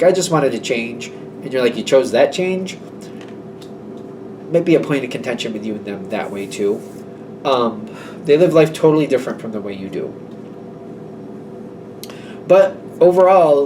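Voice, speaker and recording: A tarot reader with a medium-pitched voice gives a casual, rambling reading, acting out little quoted exchanges between people as he chats. He's recorded from a distance, with background noise behind him.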